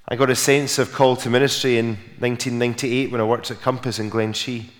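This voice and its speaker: A man preaching to a congregation, his mid-pitched voice carrying a long reverb tail through the church hall. He leads prayer quietly and tells stories with a lively, rising delivery. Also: brisk, few pauses. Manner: storytelling, rising for emphasis, softening in prayer. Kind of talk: sermon.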